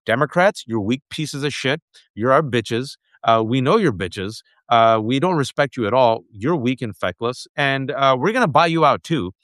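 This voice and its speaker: A man's voice: mid-range voice, expressive, moderate pace, hardly any pauses, a bit bright, dry recording. A man on a talk show, ranting with heated sarcasm and slipping into mocking put-on voices. His voice sits in the middle range, recorded close and dry with no room sound. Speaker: political commentator guest. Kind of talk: heated political rant.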